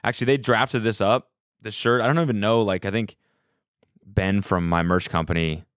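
On a small studio set, a man hosts his own podcast in a clear, resonant voice on the low side, with fairly even intonation and a moderate pace. Through the studio podcast mic there's no room sound; he jokes loosely, with many fillers and restarts.

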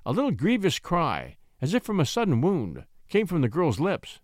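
Dramatic male audiobook narrator; very animated, dry close sound. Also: a little high, normal speed, no room sound. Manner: expressive, theatrical.

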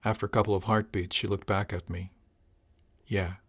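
A man with a low voice reads a first-person audiobook. He keeps his narration calm, measured and unhurried.

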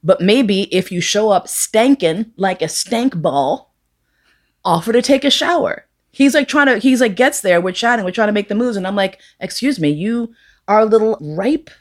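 A woman telling a bawdy story live, with frank profanity and lively acted-out dialogue. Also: mid-range voice, normal speed. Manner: profane, animated, acts out quoted voices. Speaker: storyteller guest.

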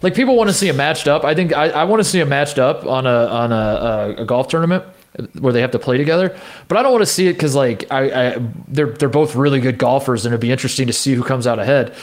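A man's voice: mid-range voice, lively intonation. A man co-hosting a podcast, musing in a loose, rambling way, restarting his sentences often. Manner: rambling, halting, with many restarts. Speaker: podcast co-host. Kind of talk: casual chat.

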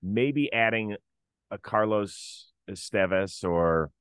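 A middle-aged man conversationally leads the segments of his casual sports talk podcast, introducing the topics himself. He speaks slowly at a fairly low pitch, his tone fairly bright and clean, with no echo.

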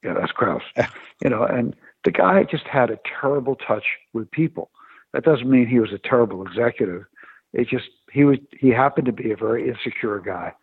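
A man and former sports agent telling stories in a radio interview, animated and opinionated. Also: mid-range voice, a little fast, slightly rough, no room sound. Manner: animated storyteller. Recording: tinny phone-line radio sound.

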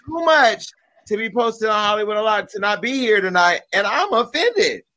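A man hosting a chatty talk show, his voice sitting a little higher than most men's. He jokes and curses freely in quick, loose banter. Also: big pitch swings, sharp tone. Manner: profane, joking, rapid banter. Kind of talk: casual chat.

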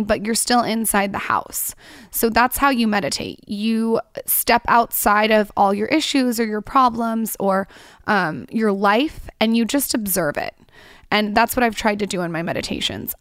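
A woman's voice: mid-range voice, a bit bright, clean tone, dry recording, clean studio sound. A young woman hosting a solo podcast, talking in a chatty, upbeat and frank way. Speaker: podcast host.

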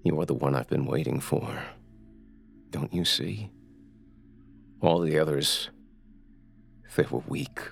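A man voicing a creepy, obsessive male captor who speaks slowly and with menace, in a horror story. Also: rumbling low, faint music behind, exaggerated voice. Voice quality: gravelly, breathy. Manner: slow, leering, menacing.

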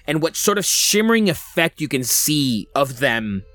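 A man narrating a tabletop game as game master, describing scenes slowly with casual fillers. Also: a little high, sing-song, a bit bright.

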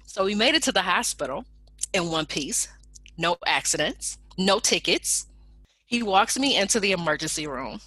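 Bright-voiced woman telling a personal story. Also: medium pitch, normal speed, breathy edge, no echo. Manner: animated, acts out quoted people in raised voices.

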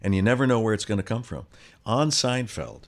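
A man in his sixties, an actor guest telling an animated anecdote and acting out other people's voices. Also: lowish voice, fairly quick. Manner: animated storyteller, acts out quoted voices. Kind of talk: conversational anecdote.

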